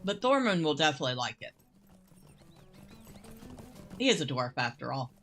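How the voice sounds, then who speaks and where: Soft music plays in the background as a woman gives easygoing gameplay commentary, musing aloud and breaking into laughter easily. Her low, slightly bright voice swings widely in pitch.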